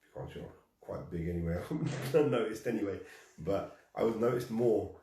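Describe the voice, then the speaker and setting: A man with a very deep voice tells a personal story with energy. He acts out the dialogue and laughs at himself. He sounds a bit distant from the mic, in a room with a noticeable echo. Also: a little fast, creaky, warm tone, slight background noise. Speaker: guest.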